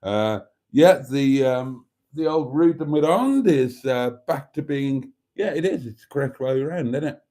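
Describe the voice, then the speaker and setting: Live stream host, male, camp and self-mocking, warm mellow tone, very lively pitch, phone mic. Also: measured pace. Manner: theatrical, self-mocking, calls viewers darlings. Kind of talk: casual live stream chat reading viewer comments. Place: at a table indoors. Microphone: phone camera.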